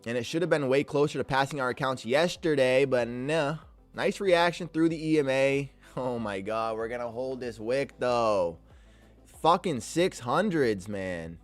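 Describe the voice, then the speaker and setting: A man streaming his day trades live, pleading and arguing with the market as if it could hear him. His voice jumps up in frustrated outbursts and then drops to low grumbles while he answers chat. Faint music plays underneath. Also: expressive, normal speed.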